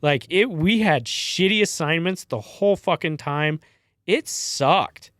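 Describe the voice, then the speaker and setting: A man's voice: a little high, animated, unhurried, fairly bright tone, no room sound, clean studio sound. A middle-aged man telling stories as a podcast guest, laid-back and laughing, swearing freely as he talks. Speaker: guest, former wildland firefighter. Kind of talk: casual podcast storytelling.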